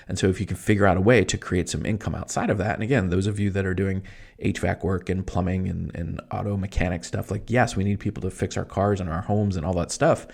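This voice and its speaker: A middle-aged man hosting a solo podcast, talking to listeners in an excited, emphatic, fast-paced way. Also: sits low, gravelly. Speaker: podcast host. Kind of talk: solo motivational podcast monologue.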